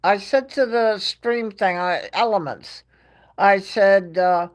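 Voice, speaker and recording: Woman streamer, mid-pitched, casual rambling storyteller. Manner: rambling storytelling with quick asides. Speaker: live-stream host. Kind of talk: casual live-stream chat.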